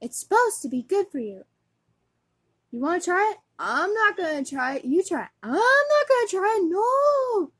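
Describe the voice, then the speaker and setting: A woman voicing young boys bickering over cereal in an old commercial, in a squeaky, excited voice. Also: moderate pace, no echo, studio quality, exaggerated voice. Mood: squabbling.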